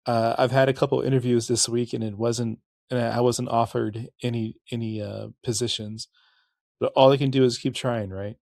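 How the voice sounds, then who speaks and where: A middle-aged man rambles candidly through a podcast monologue, restarting sentences and correcting himself as he goes. His pitch sits in an ordinary middle range. The sound is dry and close, with no room around it. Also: little pitch movement, moderate pace, vocal fry, darkish tone, dry recording. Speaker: podcast host. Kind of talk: casual podcast monologue and history narration.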